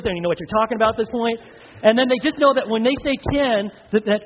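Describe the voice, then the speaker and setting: Animated high-voiced preacher in a hall. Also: male voice, fast, a little hiss or hum. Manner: animated, acts out kids and parents in playful voices. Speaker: pastor. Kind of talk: sermon on parenting. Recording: dull sound with long hall reverb.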